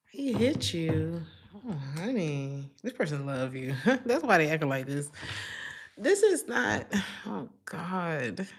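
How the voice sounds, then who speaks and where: A woman giving a casual tarot reading to her viewers, chatty and slangy, laughing often between her thoughts. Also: fairly low pitch. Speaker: tarot reader.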